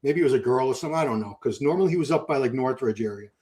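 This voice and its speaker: A man hosting a podcast, telling gym stories in a relaxed, animated chat. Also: medium pitch, very fast. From Boston. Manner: storytelling, animated. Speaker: podcast host. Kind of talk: casual chat.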